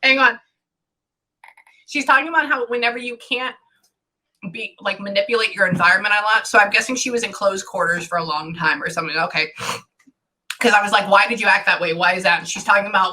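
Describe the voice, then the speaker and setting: A woman with a bright, forceful voice gives a casual reading as a medium. She talks in halting, chatty bursts and keeps stopping herself with hang on. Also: mid-range voice. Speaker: psychic medium. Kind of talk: casual one-on-one reading session.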